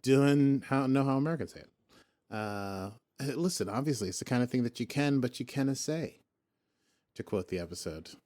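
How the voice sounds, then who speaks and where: A man's voice: medium pitch, lively intonation, a little fast, a little mellow. A man hosting a podcast in casual chat, rambling and jokey, often breaking off and restarting his sentences. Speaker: podcast host.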